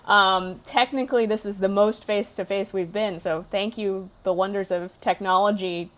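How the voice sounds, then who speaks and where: A woman's voice: medium pitch, fairly even intonation, moderate pace. A woman book editor interviewing an author over a video call, friendly and hesitant with fillers.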